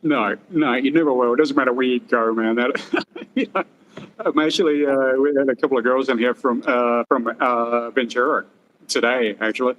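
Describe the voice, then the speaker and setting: A man's voice: mid-range voice, fairly even intonation, moderate pace, fairly bright tone, slight background noise, rough recording. Laid-back Australian man, casual chat. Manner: laid-back, swears freely, laughs often. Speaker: podcast host.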